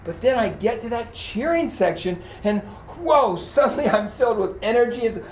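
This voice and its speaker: This pastor's voice is extremely high-pitched and moves at a normal pace, captured in an echoey room with a faint hiss or hum. Preaching in church, he tells animated stories packed with acted-out quotes and frequent laughter, sometimes becoming choked up.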